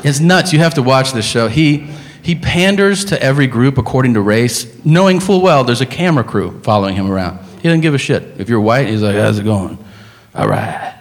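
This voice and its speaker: A man doing a stand-up comedy set, profane and animated, telling stories with impressions. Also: medium pitch, a little fast. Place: comedy club stage. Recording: live club recording with crowd. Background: audience laughter.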